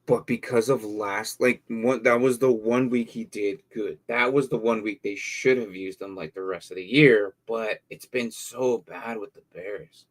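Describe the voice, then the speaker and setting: A man reads out fantasy football questions from viewers during a relaxed live stream, mulling them over aloud with many fillers and repeated words. His fairly low voice is unhurried, with fairly even intonation and few pauses.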